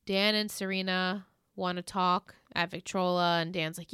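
A woman with a smooth, even voice chats casually as a podcast co-host. She retells scenes with lively energy. The sound is dry and close to the mic. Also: lowish voice, normal speed, no room sound. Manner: animated retelling, acts out quoted lines in exaggerated voices. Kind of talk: casual recap chat.

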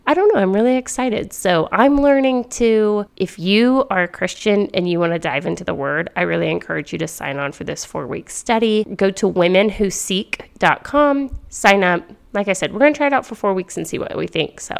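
Chatty woman podcast host, gravelly voice. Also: medium pitch, lively intonation, normal speed, hardly any pauses. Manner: chatty and enthusiastic, thinking aloud. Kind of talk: casual faith podcast talk.

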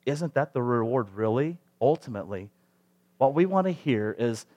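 A man's voice: medium pitch, animated, fairly quick, darkish tone. A male pastor preaching a sermon in a conversational way, asking the congregation rhetorical questions.

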